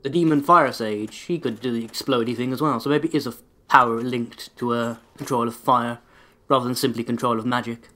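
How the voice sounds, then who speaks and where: A man with a sore throat, holding his voice back, rambles through sarcastic let's-play commentary and swears often while gaming. His medium-pitched voice is steady, brisk, pushed, and bright.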